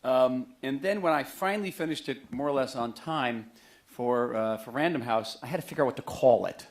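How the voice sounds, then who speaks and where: A middle-aged man giving a book talk to a live audience in a museum auditorium, chatty and joking, telling stories with lively emphasis. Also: mid-range voice, moderate pace. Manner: conversational, joking, animated storytelling. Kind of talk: public lecture to an audience.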